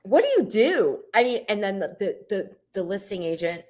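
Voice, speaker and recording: A woman's voice: medium pitch, normal speed. A woman in her forties, a realtor co-hosting a podcast, telling a story in casual chat and calling out to listeners. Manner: animated, addresses listeners as "people". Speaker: podcast co-host.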